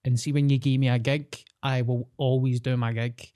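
In a casual podcast chat, a Scottish co-host spins self-deprecating stories in easygoing banter. His voice is medium-pitched, mellow and flat, moving at a moderate pace.

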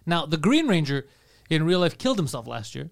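Fast-talking brash young man. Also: on the high side, very animated, creaky. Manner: crude, rambling storyteller who acts out scenes. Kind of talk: casual comedic banter.

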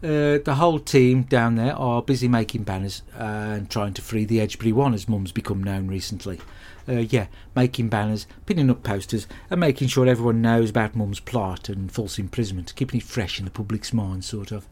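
An actor playing a hapless, crude bloke who rambles through a comic monologue in a deadpan, sweary way. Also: male voice, on the low side, a little fast, hardly any pauses, natural voice. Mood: grumbling. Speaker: comedy podcast character host.

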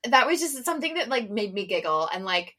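A young woman co-hosting a casual podcast, telling a work story with lively voices for the customers. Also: fairly quick. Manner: animated storyteller, acts out customers with big pitch jumps. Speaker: podcast co-host.

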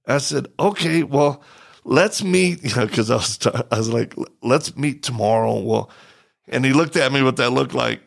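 At a moderate pace, a middle-aged man with a gravelly mid-range voice hosts a podcast and tells a story during a casual chat. His delivery is animated, and he acts out the quoted voices.

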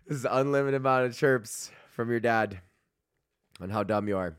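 A man's voice: medium pitch, steady tone, a little fast, a bit bright, clear, resonant tone, no echo, clean studio sound. A young man hosting a podcast, telling a rambling, profane story full of fillers and laughing at himself. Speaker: podcast host. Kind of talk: casual storytelling rant.

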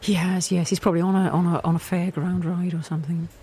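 A woman co-hosting a podcast in quick, chatty comedic banter. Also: fairly low pitch, little pitch movement, warm tone, slightly rough, long reverb tail. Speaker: podcast co-host. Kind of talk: comedy sketch and casual chat.

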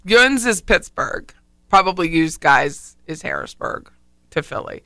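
A chatty woman talk-radio host with a Philadelphia accent, her voice very bright, smooth and clear. She leans hard on single words for punch. The studio sound is dry, with soft music underneath. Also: on the low side, expressive, a little slow, no room sound. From Philadelphia area. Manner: chatty, emphatic, repeats one word for punch. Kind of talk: casual radio talk show chat. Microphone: studio microphone, also streamed live online.

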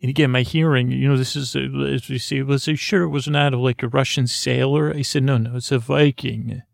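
A man improvising a meandering story in a soft, halting way, full of fillers and restarts. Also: mid-range voice, fairly even intonation, creaky, dry recording, studio quality. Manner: soft, drowsy and gentle. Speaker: storyteller narrating as a character. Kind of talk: improvised rambling bedtime-style storytelling.

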